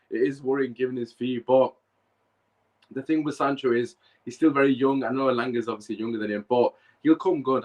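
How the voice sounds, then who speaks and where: Heated and emphatic, this podcast host repeats his points during a live fan podcast full of ranting and chat, coughing badly along the way. His voice is medium in pitch, and the audio is poor.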